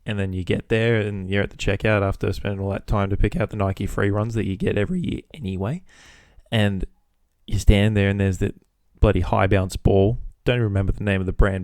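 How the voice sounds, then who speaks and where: A man's voice: lowish voice, fairly even intonation, brisk, a little mellow, no echo, clean studio sound. A young Australian man hosting a solo podcast, rambling casually and swearing freely. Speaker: podcast host.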